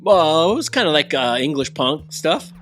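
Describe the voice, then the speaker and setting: A man in easy podcast conversation, his voice sitting a bit high. He wanders off topic, forgets names mid-sentence and laughs it off. Faint music plays underneath. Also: very animated, moderate pace, fairly bright tone. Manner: rambling, loses his train of thought, laughs often. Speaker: podcast co-host. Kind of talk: casual chat.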